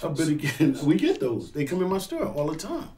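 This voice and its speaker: A man's voice: on the high side, huge pitch swings, fairly quick, darkish tone, a little hiss or hum. A man who teaches firearms classes and serves as a pastor, talking casually in an interview and acting out scenarios with quoted voices.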